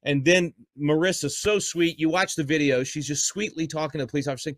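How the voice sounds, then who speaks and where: A man's voice: a little high, steady tone, fast talker, fairly bright tone, no echo. A man speaks as a guest in a podcast interview, fervent and emotional. He restarts words when he gets upset. The sound is dry and close. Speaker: guest, homeschool advocate.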